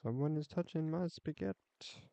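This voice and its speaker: A man's voice: fairly high pitch, moderate pace, dark tone, slight background noise. A man streaming a game, chatting casually in a rambling, goofy, jokey way. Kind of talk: casual live-stream chat while playing.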